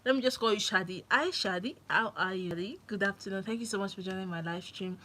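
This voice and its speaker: A young woman from Nigeria chatting on a live stream from her phone, excitable and laughing often. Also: medium pitch, fast, a little hiss or hum, low-quality recording. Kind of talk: casual live-stream chat.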